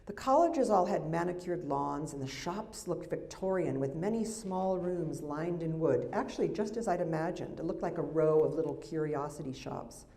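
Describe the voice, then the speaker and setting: A woman's voice: sits low, moderate pace, hardly any pauses, mellow. Older woman reading her memoir. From United States. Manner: wry, chatty asides between reading. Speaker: author. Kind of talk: reading her memoir aloud at a live event. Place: library event hall. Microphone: handheld or stand mic.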